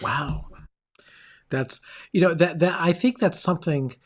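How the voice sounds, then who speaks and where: A man's voice: fairly high pitch, unhurried, husky. A man hosting a podcast interview, reflecting thoughtfully on a guest's story in casual chat. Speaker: podcast host.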